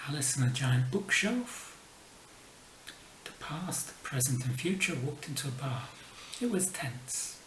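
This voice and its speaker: A man casually telling book jokes as a vlogger, dropping his punchlines softly, sometimes in a whisper. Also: medium pitch, unhurried, distant mic. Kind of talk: casual joke telling to camera. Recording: echoey room, mic set back, faint noise.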